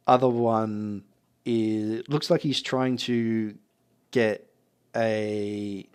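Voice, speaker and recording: A man running a tabletop game as game master, narrating in a relaxed, meandering way. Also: medium pitch.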